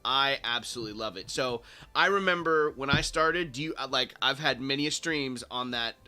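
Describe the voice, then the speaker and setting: A man chatting on a livestream from a home studio, laughing often and talking excitably with many restarts. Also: medium pitch, normal speed, clean tone. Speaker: guest co-host. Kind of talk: casual livestream chat. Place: home studio in a bedroom corner.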